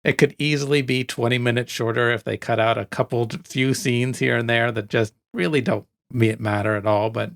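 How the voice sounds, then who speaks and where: Gravelly-voiced man co-hosting a podcast. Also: medium pitch, fairly even intonation, brisk, few pauses, a bit bright. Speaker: podcast co-host. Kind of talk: casual movie chat.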